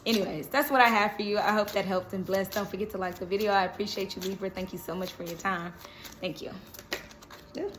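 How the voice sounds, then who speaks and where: A woman's voice: medium pitch, fast, background noise. A woman doing a casual tarot reading, chatty and rambling, laughing often and breaking into bits of song. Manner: lively, rambling and self-correcting. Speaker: tarot horoscope reader.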